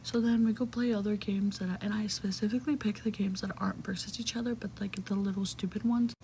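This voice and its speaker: A young adult woman telling a personal story in casual, chatty talk, full of "like" fillers, cursing, and hushed, whispery asides. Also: mid-range voice, steady tone, fast, a little hiss or hum, low-quality recording.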